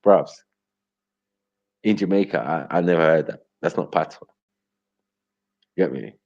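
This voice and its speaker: A deep, husky man rants casually on a livestream. He laughs as he talks and keeps asking "you get me?" The audio is dull and lo-fi. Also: a little slow, darkish tone. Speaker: livestream host. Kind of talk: casual ranting commentary.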